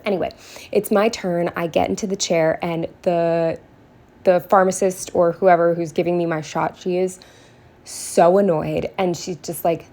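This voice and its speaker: A woman vlogging while she plans, telling a story in a chatty way, swearing freely and going off on quick asides. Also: on the low side, little pitch movement, darkish tone. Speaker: planner vlogger. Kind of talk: casual plan-with-me storytelling.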